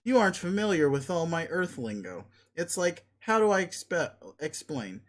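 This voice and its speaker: Man reading as earnest young guy, folksy old-timey talk, hesitant, slightly high voice. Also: sing-song, moderate pace. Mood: flustered. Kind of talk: reading a webcomic aloud.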